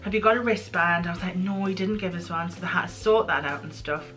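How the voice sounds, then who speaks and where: British woman, young adult, animated self-mocking storyteller, bright crisp voice, faint music under it. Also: fairly low pitch, fast talker. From United Kingdom. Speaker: guest. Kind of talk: casual storytelling chat.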